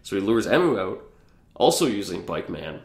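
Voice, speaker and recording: A man's voice: fairly low pitch, sing-song, moderate pace, creaky, roomy sound. A man co-hosting a podcast, rambling through a plot recap in casual chat. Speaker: podcast co-host.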